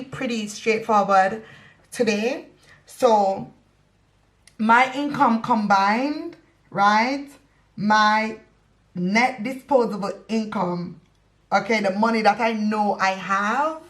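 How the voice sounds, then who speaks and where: A young budgeting vlogger with a Caribbean accent chats casually to camera about her budget in a mid-range voice. She talks slowly with frequent pauses, sounding sassy and playful, and slips into West Indian patois in places.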